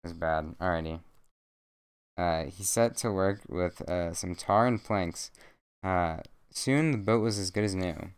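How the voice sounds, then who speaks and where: A young man streaming from home at a desk mic, reading a bedtime story aloud with rambling, jokey deadpan asides. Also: low voice, a little slow, clean tone.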